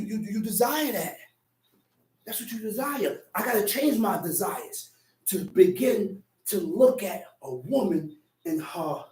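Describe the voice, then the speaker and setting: A man giving a religious Sabbath teaching to a small group. He talks in a streetwise, conversational way and breaks into sudden shouted bursts for emphasis. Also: high voice. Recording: echoey room, distant mic.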